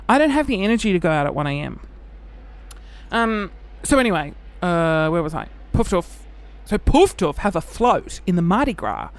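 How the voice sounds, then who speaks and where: A man with an Australian accent, chatting animatedly and camply, hosting his own show. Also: high voice. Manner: chatty and animated, camp, laughing, with quick bursts of mock voices. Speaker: podcast host. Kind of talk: casual chat.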